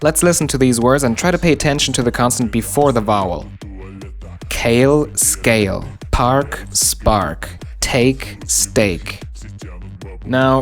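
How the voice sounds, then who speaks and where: A man explaining how accents work in a casual, wry teaching style. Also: medium pitch. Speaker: linguistics teacher. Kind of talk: explanatory video lesson.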